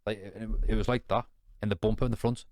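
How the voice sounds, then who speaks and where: A man's voice: lowish voice, fairly even intonation, fast, darkish tone. A man with informal British slang telling a candid personal story in a podcast chat, blunt and swearing, rambling with fillers and often asking "you know what I mean". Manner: rambling and restarting with many fillers. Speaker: podcast guest.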